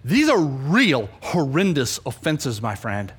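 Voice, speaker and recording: Delivering a sermon, this male pastor is animated, moving from loud emphasis to quiet asides and often repeating words for effect. He speaks slowly at a medium pitch, with a breathy edge to his voice.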